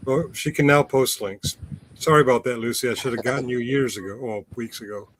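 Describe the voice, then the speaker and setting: A man's voice: medium pitch, brisk, fairly bright tone, low-quality recording. Guy hosting a stream, jokey banter, laughs a lot, faint hiss behind him. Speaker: show host. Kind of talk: casual livestream chat.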